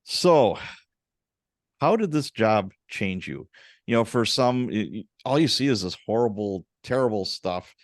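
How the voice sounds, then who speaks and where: A man hosting a podcast, telling stories from his police days in a casual, animated and profane way. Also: on the low side, a little slow, dry recording, clean studio sound. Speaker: podcast host, former police officer. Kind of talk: casual interview chat, storytelling.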